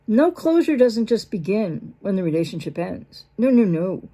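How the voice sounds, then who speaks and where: A woman who is a mental health professional, talking unscripted as a channel host, animated and rambling, with fillers and frequent self-interruptions. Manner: animated, acts out quoted dialogue with big pitch jumps. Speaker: host of a breakup recovery channel. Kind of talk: unscripted talking-head explainer.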